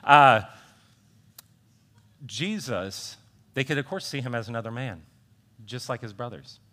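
A man preaching a sermon as a pastor, animated and conversational, repeating phrases for emphasis and making asides to his congregation. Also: medium pitch, measured pace.

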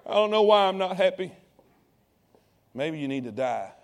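Male preacher, high tenor voice, calls out to the congregation, drops low then rises loud. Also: big pitch swings, normal speed. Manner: call-and-response preaching to congregation. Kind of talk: sermon.

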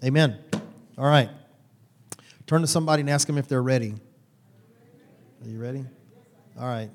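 A man's voice: mid-range voice, moderate pace, a little hiss or hum. Chatty, joking middle-aged male pastor. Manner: chatty and joking, quizzes the congregation. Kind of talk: casual sermon.

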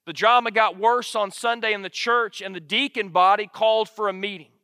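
A man preaching with a high, ringing voice. He speaks earnestly and repeats his key lines for weight. The mic is close and dry, but a long hall reverb trails behind each phrase. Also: steady tone, brisk, pushed and bright. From Alabama, United States. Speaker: pastor. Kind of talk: sermon.

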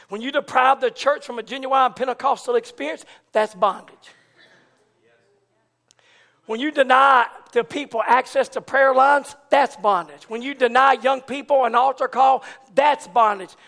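A man preaching a fervent Pentecostal sermon, moving from low conversational talk to shouted, rousing preaching. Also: steady tone, moderate pace, vocal fry. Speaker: pastor.

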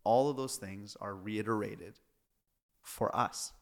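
A man's voice: on the low side, slow. A man, a pastor hosting a church podcast, speaking in an earnest, preacherly way. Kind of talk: reflective podcast conversation.

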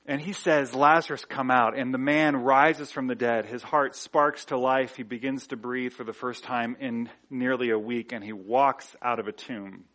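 A man's voice: medium pitch, steady tone, moderate pace, hardly any pauses, a bit bright. A man preaching a sermon in a church, talking in a conversational way with rhetorical questions and frequent filler words. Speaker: pastor.

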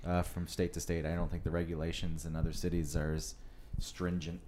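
A man's voice: low voice, monotone, fairly quick, a little mellow, a little hiss or hum. A man in casual chat, making dry, wry remarks.

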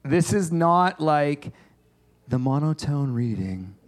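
A man giving a casual, conversational sermon, animated and chatty as he acts out a Bible story. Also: on the high side, slow. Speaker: pastor.

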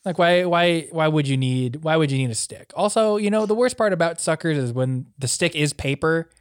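Halting young man on a podcast. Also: on the high side, smooth, no room sound, studio quality. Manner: halting, repeats words. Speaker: podcast co-host. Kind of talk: casual chat.

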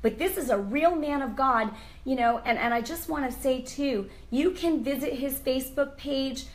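A high-voiced woman hosting a faith talk show. She speaks with fervent, emotional conviction, leans into earnest appeals and prays aloud. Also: normal speed, poor audio. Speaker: host. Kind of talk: Christian interview show.

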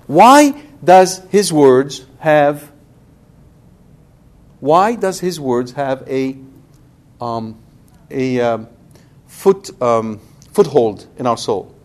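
A man's voice: mid-range voice, very slow, pauses often. A priest teaching a Bible study in a conversational way, speaking directly to his listeners and asking them questions. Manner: lively, talks directly to the audience with questions.

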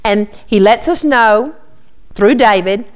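A woman's voice: fairly high pitch, takes it slowly, smooth. A woman giving an earnest Bible teaching, repeating key points and often starting with "okay".

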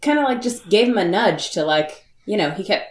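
A woman's voice: medium pitch, animated, fairly quick, echoey room, close to an everyday voice. A woman voicing a vague, defensive teenage girl being questioned by police, hesitating often.

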